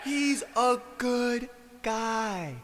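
A man playing an overwrought defense lawyer who shouts and pleads in a comedic improv courtroom scene. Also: very high voice, very slow, full character voice. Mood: melodramatic pleading.

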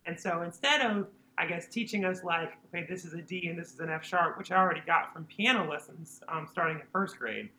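A man from North Carolina speaks in a bright, sharp voice as a guest in a casual interview. He talks loosely and hesitantly, with many fillers. The recording has a roomy echo and faint background noise. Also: fairly high pitch, fairly quick, hardly any pauses. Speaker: guest singer-songwriter.

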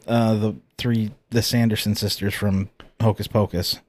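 A man's voice: on the low side, level tone, normal speed, a little mellow, no room sound. Dry-witted male co-host, brief cracks. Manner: dry, wisecracking, brief remarks. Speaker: podcast co-host. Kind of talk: casual chat.

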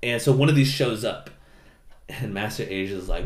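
A man's voice: lowish voice, moderate pace. Casual man recapping a show in a roomy room. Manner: animated retelling, acts out characters in silly voices, swears casually. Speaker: podcast co-host recapping an anime. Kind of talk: casual chat. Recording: roomy echo.

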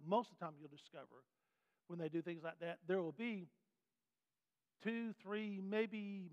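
Folksy man teaching a Bible lesson. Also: sits high. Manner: folksy, animated, asks the class questions. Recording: dull sound with long hall reverb.

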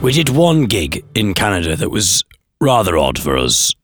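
Playful man, lively voice. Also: on the low side, moderate pace, over loud music. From northeast England. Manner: playful, mock-grand. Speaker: podcast host and singer. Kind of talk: comic storytelling. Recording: dry close studio mic.

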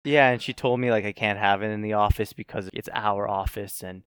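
A man's voice: on the low side, steady tone, fairly quick, a bit bright, clean tone, dry recording, studio quality. A man co-hosting a podcast, chatting casually, laid-back, laughing often and swearing freely. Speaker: podcast co-host. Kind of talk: casual chat.

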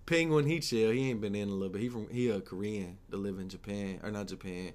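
A man's voice: on the low side, steady tone, quick pace, a little mellow. A young man co-hosting a podcast, chatting casually with lots of slang and swearing. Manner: profane, laid-back slang, frequent "you know what I'm saying". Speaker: podcast co-host. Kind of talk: casual chat.

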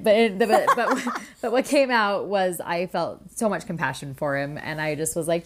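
Female podcast co-host, casual storyteller, acts out quotes, slightly low voice. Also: a little fast. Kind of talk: casual chat.

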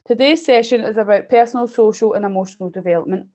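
A woman presenting a children's session and reading a storybook aloud in a clear, gently expressive manner. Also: mid-range voice, fast talker, highs cut off. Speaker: early years student presenter.

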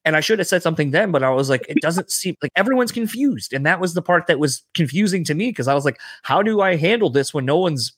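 A man with a slightly high voice tells a bar story at a quick clip, cursing often and voicing each person in it. His sound is close and dry, with no room around it. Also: breathy edge, dry recording. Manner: profane, animated storyteller acting out quotes. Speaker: bouncer. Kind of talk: casual podcast storytelling.

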